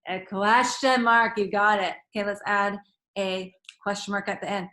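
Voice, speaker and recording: A woman teacher speaks at medium pitch and normal speed while walking children through grammar. Her delivery is expressive as she performs sentences in varied tones, and the room around her sounds echoey.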